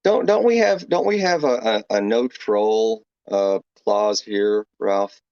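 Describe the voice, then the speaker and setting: A man's voice: fairly low pitch, slow pace, a little mellow, no room sound, lo-fi sound. A man co-hosting a casual stock livestream over a call, blunt, sarcastic and cynical. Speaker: livestream co-host.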